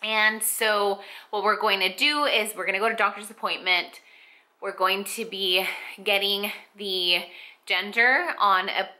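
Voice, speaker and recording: Young female vlogger, very bright voice, chatty and rambling, emotional and teary throughout. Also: medium pitch, steady tone, a little slow. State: tearful. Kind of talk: casual pregnancy update vlog.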